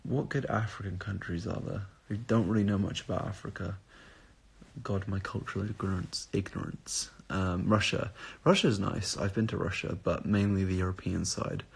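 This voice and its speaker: Tired and up at odd hours, a young live streamer rambles as he reads out and answers viewer comments, swearing casually. His voice sits low and sounds gravelly and husky, with a steady tone and a brisk pace.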